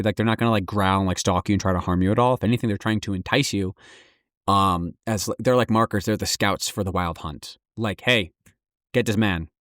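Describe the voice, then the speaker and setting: A man co-hosting a podcast in casual chat, swearing freely and joking with animated energy. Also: fairly low pitch, no room sound, studio quality. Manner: profane, animated, jokey. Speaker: podcast co-host.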